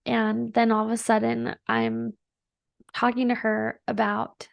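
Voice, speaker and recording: A woman's voice: fairly high pitch, monotone, measured pace, vocal fry, no echo. A woman hosting a podcast, telling a personal story in a chatty, earnest and emotional way, full of "like" fillers. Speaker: podcast host.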